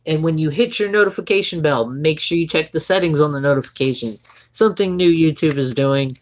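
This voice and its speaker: A man's voice: fairly high pitch, a little fast, a little hiss or hum. Young man, Floridian Southern accent, casual live-stream chat, rambling, friendly to viewers. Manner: chatty, rambling, greets and thanks viewers by name. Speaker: streamer opening trading card packs.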